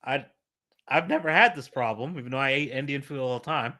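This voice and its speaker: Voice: mid-range voice, a little fast, sharp tone. A co-host in a casual video reaction chat, blunt and crude with jokes.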